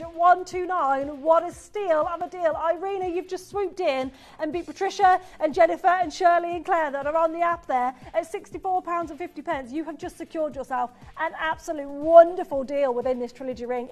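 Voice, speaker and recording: Lady doing a live tv jewellery sale, high voice, gushing and pushy about prices. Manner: enthusiastic, persuasive, reads out viewer messages. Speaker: shopping channel presenter. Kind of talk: live TV sales pitch.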